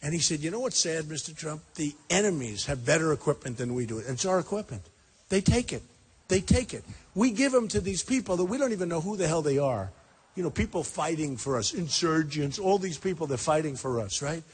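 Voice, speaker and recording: Man, 60s, campaign rally speaker, rambling and emphatic, slightly husky, higher-pitched. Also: animated, brisk, darkish tone. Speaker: political candidate. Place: packed high school gym.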